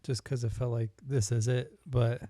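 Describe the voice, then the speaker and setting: Laid-back guy talking movies, mellow voice, dry sound. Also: medium pitch, steady tone, moderate pace, no room sound. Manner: short laid-back replies. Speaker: podcast co-host. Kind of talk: casual movie review chat.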